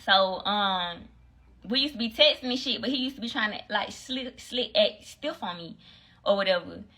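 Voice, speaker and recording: A young woman telling a casual story on a phone livestream, acting out the voices of the people in it. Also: moderate pace. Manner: animated storyteller, acts out voices, swings high for quoted friends.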